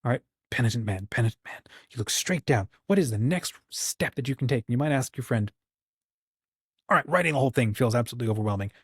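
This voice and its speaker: A man's voice: mid-range voice, expressive, fast talker, fairly bright tone, slightly rough, no echo, studio quality. A man from the United States hosting his channel, talking casually and encouragingly, often acting out little quoted conversations. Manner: rambling, encouraging, acts out quoted dialogue. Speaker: channel host. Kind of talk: casual livestream talk.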